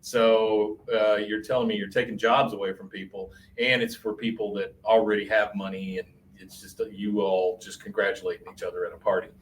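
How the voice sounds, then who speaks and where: A man's voice: fairly low pitch, level tone, a little fast, hardly any pauses. Man, podcast co-host, casual recap, chuckling, set back from the mic, faint hiss. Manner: recounts the plot step by step, laughing along. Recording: distant mic with faint noise.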